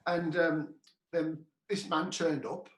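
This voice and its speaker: On the high side and flat in delivery, this man takes things slowly as he hosts a cabaret chat show. A cabaret musician, he recounts a casual, rambling anecdote over a video call, restarting often and repeating "he said," in a recording with roomy echo.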